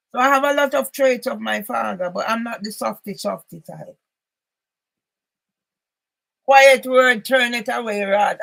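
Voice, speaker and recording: Jamaican woman vlogger, gravelly and high-set, emphatic and rambling, slips into patois. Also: a bit bright, low-quality recording. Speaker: channel host. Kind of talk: personal monologue vlog.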